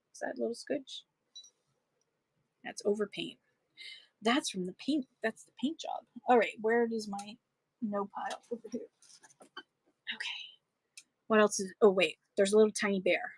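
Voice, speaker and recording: A woman's voice: fairly high pitch, no echo. A woman selling small collectibles on a live stream, chatting casually and cooing over little items. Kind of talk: live auction unboxing chat.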